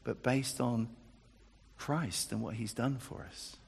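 Gravelly preacher in a reverberant hall. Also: male voice, medium pitch, steady tone, takes it slowly, a little hiss or hum. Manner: conversational, builds to emphatic declarations. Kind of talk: sermon.

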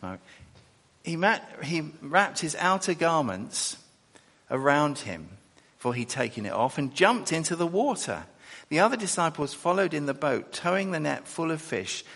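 A man preaches in a hall, and his words ring out with a long echo. His pitch leaps and dips as he talks, his voice has a gravelly edge, and he breaks off into chatty asides. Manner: animated, chatty asides, self-correcting. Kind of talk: sermon with scripture reading. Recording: echoey hall.

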